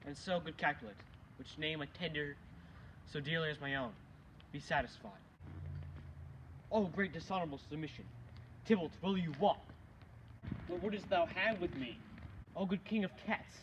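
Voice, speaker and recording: A young man, a student actor, reciting Shakespearean street-quarrel scenes in a quick exchange. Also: a little high, lightly acted. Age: young adult. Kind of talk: amateur Shakespeare scene acting. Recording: dull lo-fi recording with loud noise.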